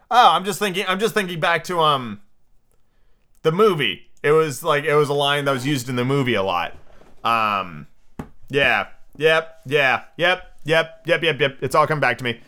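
A man's voice: medium pitch, sharp tone. A man hosting a podcast, reading a children's book aloud with rambling, filler-heavy asides. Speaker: podcast host.

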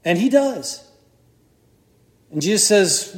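A male priest preaching a sermon, telling the story with lively acted-out voices. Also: sits high, a little slow, pauses often, reverberant. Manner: animated storytelling, acts out crowd voices. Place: church.

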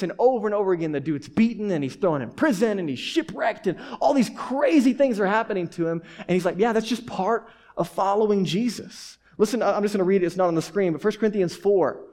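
A male pastor giving a sermon in an animated, conversational storytelling manner, dropping in frequent "like"s. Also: sits high.

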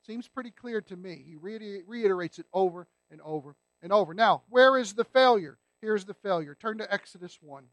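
A man's voice: sits high, expressive, fairly quick, hardly any pauses, no room sound. A man preaching a sermon, emphatic and asking the congregation rhetorical questions. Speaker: pastor.

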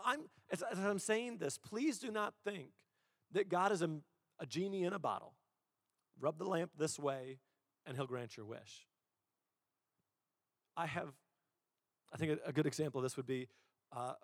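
A man preaching a sermon as a pastor, telling stories in an animated way and acting out the quotes. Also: medium pitch, dry recording, clean studio sound, long reverb tail. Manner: animated storytelling, acts out quotes.

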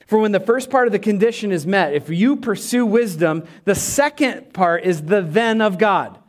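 A male pastor preaching a sermon with emphatic delivery that drops to soft, prayerful tones. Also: sits high, animated, moderate pace.

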